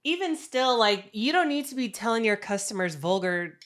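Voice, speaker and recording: A woman's voice: on the high side, sing-song, moderate pace, fairly bright tone. A woman co-hosting a podcast, reacting in casual chat and backing up her co-host. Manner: backs the other host up with short replies.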